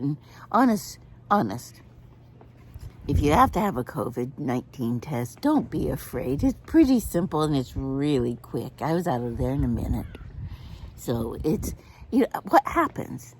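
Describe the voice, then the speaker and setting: A woman's voice: low-pitched, big pitch swings, normal speed, husky. An older woman chatting to camera outdoors, telling a story with lots of laughter. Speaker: vlogger.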